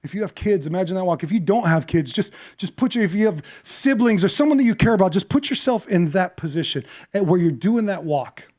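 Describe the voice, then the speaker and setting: High-voiced male pastor preaching dramatically. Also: expressive, fairly quick, hardly any pauses. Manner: dramatic storytelling, acting out voices and shifting from hushed to loud. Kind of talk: sermon.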